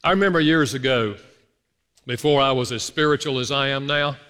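A man's voice: mid-range voice, fairly quick, bright, forceful tone. A man giving an earnest, emphatic teaching talk to an audience, speaking directly to his listeners. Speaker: speaker on marriage and apology. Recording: long hall reverb.

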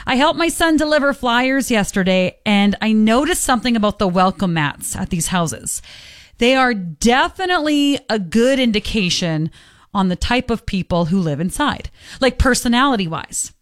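A woman's voice: fairly high pitch, animated, normal speed, dry recording, studio quality. A woman doing a playful, chatty radio spot. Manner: playful, reads mats in funny voices.

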